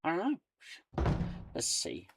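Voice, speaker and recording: Loud music plays under this gaming host's slow, muttered let's-play commentary. He chats casually about the game and tosses out playful sing-song remarks.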